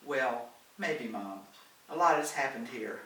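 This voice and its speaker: A man's voice: mid-range voice, expressive, slow, fairly bright tone. A man voicing a guarded adult daughter on the phone, dry and sarcastic, recorded far off in a roomy space with faint hiss.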